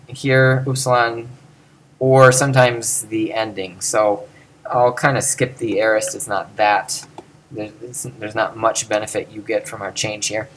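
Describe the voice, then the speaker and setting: A man gives a home-recorded lesson on Greek pronunciation at his computer. He thinks aloud as he goes, halting with fillers and restarting sentences as he works through examples. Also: mid-range voice, fairly bright tone. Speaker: teacher.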